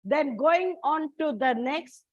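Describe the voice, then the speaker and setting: A high-pitched woman teacher lectures slowly and deliberately, walking students through grammar rules and often calling them children. The recording is dull and lo-fi, with a dry, close sound. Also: expressive, no echo. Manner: slow, deliberate explaining, addresses students as children. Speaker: English teacher. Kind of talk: classroom lecture on word stress.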